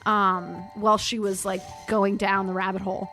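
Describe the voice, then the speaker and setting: A woman co-hosting a let's play, telling a rambling, gossipy story with blunt dark humor in casual chat. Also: medium pitch, level tone, moderate pace, soft background music. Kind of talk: casual chat over gameplay.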